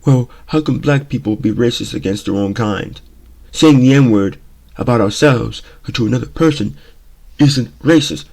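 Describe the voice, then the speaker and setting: A man's voice: mid-range voice, moderate pace, vocal fry, a little mellow. A man hosting his own talk show, giving blunt, opinionated commentary and often repeating himself with "okay?" and "you know?". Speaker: show host.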